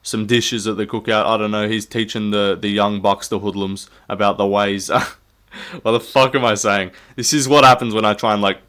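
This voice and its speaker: A man's voice: lowish voice, fairly bright tone, clear, resonant tone. A young man, rambling through jokey, sweary sports commentary and laughing at himself. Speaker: YouTube MMA commentator. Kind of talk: casual comedic commentary.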